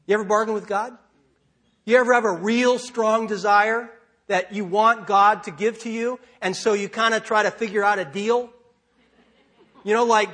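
Husky high-voiced male preacher. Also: moderate pace, long pauses, fairly bright tone. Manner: conversational preaching with rhetorical questions. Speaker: pastor. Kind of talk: sermon.

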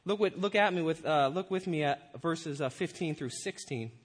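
Male pastor, high voice, animated sermon delivery, plays the crowd's voices. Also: normal speed, breathy edge. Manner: animated, acts out quoted voices.

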